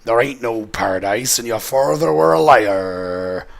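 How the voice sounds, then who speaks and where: A hoarse man putting on a gruff, menacing male pirate captain voice with a growling drawl, reading from a storybook in a game. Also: medium pitch, measured pace. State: hoarse, voice going.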